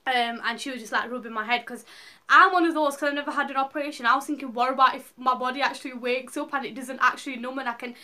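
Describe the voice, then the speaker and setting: A woman's voice: high voice, steady tone, fast, sharp tone. A young woman vlogger telling a personal story to camera in a casual, rambling way, full of likes and ums. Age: young adult.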